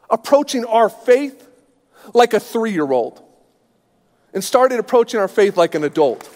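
High-voiced pastor in an echoing hall. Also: male voice, sing-song, a little slow, long pauses, a little mellow. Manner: humorous, self-deprecating storytelling. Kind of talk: sermon with personal stories.

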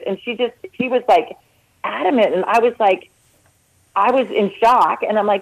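A woman talks over a phone line to a radio host. She relives her story earnestly and animatedly, quoting what others told her and what she said back. Her voice sits at an ordinary pitch for a woman. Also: brisk. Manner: earnest, animated retelling with quoted dialogue. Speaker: caller. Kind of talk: telling her own story on a call-in radio show.

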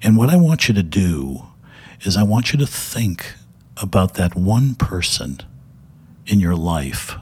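A man putting on a slow, quiet and gentle older male children's television host. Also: sits low, sing-song, slightly rough, exaggerated voice.

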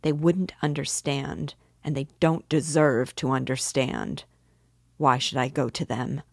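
A bitter, defiant young man who broods over every word, low and unhurried. A woman reader gives him voice in her own even reading tone, close to a dry mic. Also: gravelly, dry recording, heavily acted. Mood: brooding defiant.

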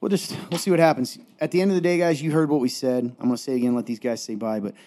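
A man's voice: mid-range voice, fairly even intonation, rapid-fire, mellow. A man co-hosting a podcast, talking casually and directly to listeners in an upbeat, rambling way as he signs off. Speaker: podcast co-host.

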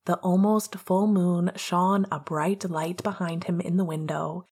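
A woman reading a story aloud as a podfic narrator, soft and measured. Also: lowish voice, steady tone, slightly rough. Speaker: podfic reader.

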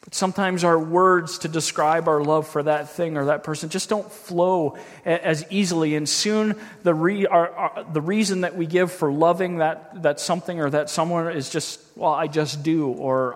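Male pastor, earnest and reflective sermon delivery, voice a bit high, echoing church sanctuary. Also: fairly even intonation. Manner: earnest, reflective, slows down when reading scripture.

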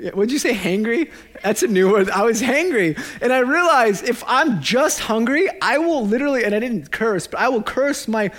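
A man in his thirties preaches a sermon in a fairly high voice. He keeps it light and animated, tossing in jokes and laughing at his own lines as he goes. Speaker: pastor.

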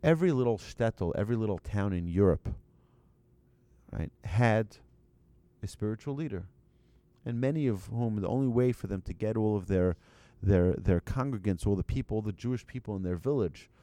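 In a dry recording, a man with a fairly low, dark voice and lively intonation gives a storytelling talk as a religious teacher. He speaks haltingly and conversationally to the audience, restarting and adding light asides.

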